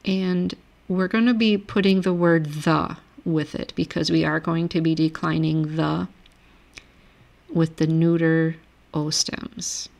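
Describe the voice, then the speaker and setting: A woman with a lowish, gravelly voice teaches a grammar lesson, recorded at a desk mic over a shared screen. She reads vocabulary slowly and patiently, and she explains each rule one step at a time. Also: steady tone, a little mellow. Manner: patient, reads word lists aloud slowly. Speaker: language teacher.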